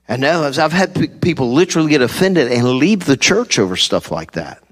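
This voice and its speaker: A man's voice: medium pitch, big pitch swings, brisk, a bit bright. A middle-aged man preaching a sermon from a church stage, telling funny stories and acting out the people in them. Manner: humorous storytelling, acting out quoted people. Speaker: pastor. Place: church stage before a congregation. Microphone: handheld mic.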